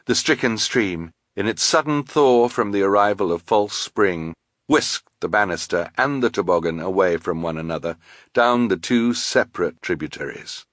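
Audiobook narrator, man, low and measured, dry booth. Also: expressive, fairly bright tone, dry recording. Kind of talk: scripted narration.

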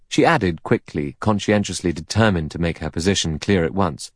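Deep-voiced, animated male narrator, dry close read. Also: a little fast, hardly any pauses, dry recording. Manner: expressive, varied delivery. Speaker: audiobook narrator. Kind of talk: scripted narration.

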